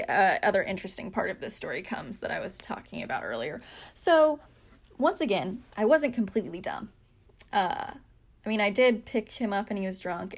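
A young woman in her twenties hosts a podcast and talks through a story from her own life. She speaks casually and mocks herself, with plenty of fillers, at an ordinary middle pitch. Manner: chatty, many fillers, self-mocking. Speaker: podcast host.

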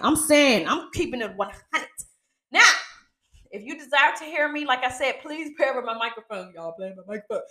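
A woman hosting her own small ministry podcast, preaching in a casual, slangy chat and often checking in with "okay?". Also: on the high side. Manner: animated, repeats herself, asks "okay?" often; slangy, down-to-earth. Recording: echoey room.

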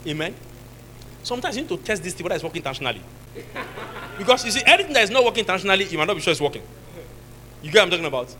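A man with a Nigerian accent preaching a sermon as pastor, now and then shouting and laughing with the congregation. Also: high voice, very animated, very fast, long pauses, a little hiss or hum, poor audio.

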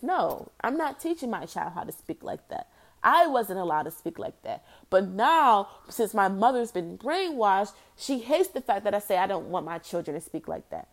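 A woman's voice: mid-range voice, expressive, normal speed. A young woman vlogging an opinion rant, blunt and exasperated, firing off rhetorical questions. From United States.

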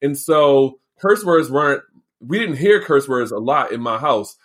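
A man co-hosting a podcast in casual chat, playful, with quick agreeing interjections. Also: mid-range voice, fairly bright tone. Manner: chatty, quick affirmations, playful. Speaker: podcast co-host.

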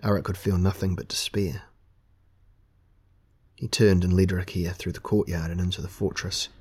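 Deep husky male fantasy narrator. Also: level tone, moderate pace, a little mellow. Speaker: audiobook narrator.

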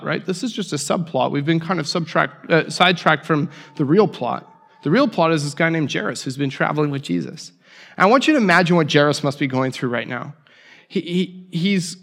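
A man preaching a sermon, telling the story with lively acted-out voices and casual asides. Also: fairly high pitch. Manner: animated storytelling, acts out voices of biblical figures. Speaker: pastor.

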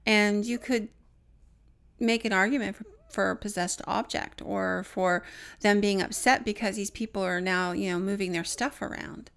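Woman co-host, mid-pitched, chatty and rambling a bit, casual podcast talk. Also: fairly even intonation, moderate pace, gravelly, fairly bright tone, clean tone. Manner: chatty storyteller with fillers. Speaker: podcast co-host, paranormal investigator.

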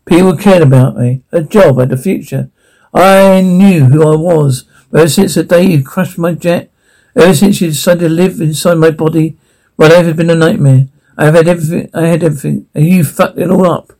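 A man's voice: on the high side, fairly even intonation, brisk, a little mellow, poor audio. An actor playing a bitter man angrily confronting his tormentor in a TV drama. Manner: raw and angry. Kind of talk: TV drama acting.

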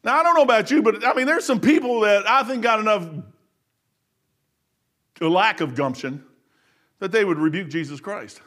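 A man preaching a folksy, animated sermon, acting out voices and laughing as he goes. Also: high voice, normal speed, long pauses. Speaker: lay preacher.

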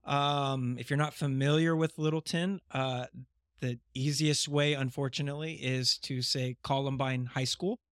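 A man speaking as a guest on a casual podcast, relaxed and often pausing with fillers, close to the microphone. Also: medium pitch, no echo. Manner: relaxed with frequent hesitations. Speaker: worship pastor guest. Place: sitting on couches indoors. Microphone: microphone held close on mini tripod.

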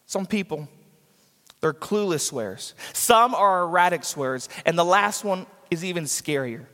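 A man's voice: sits high, animated, unhurried, bright, forceful tone. A man preaching a sermon as a pastor, driving points home with repetition and acting out the people he quotes. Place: church sanctuary. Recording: church hall reverb.

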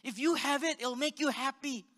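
Animated man preaching in a reverberant hall. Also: very high-pitched, normal speed. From Singapore. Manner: animated storytelling with laughs and audience questions. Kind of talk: sermon.

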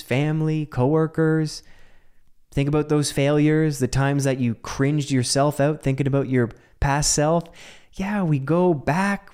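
A man's voice: on the high side, a little mellow, clear, resonant tone. A man hosting a solo podcast, talking casually in a rambling, self-mocking, jokey way with frequent laughs. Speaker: podcast host.

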